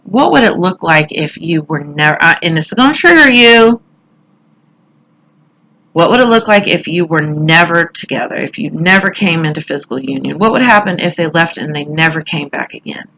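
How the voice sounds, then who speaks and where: Bright-voiced woman giving a tarot reading. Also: low-pitched, lively intonation, normal speed, vocal fry, poor audio. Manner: chatty and candid, swears, laughs at herself. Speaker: tarot reader. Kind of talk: casual tarot reading talk.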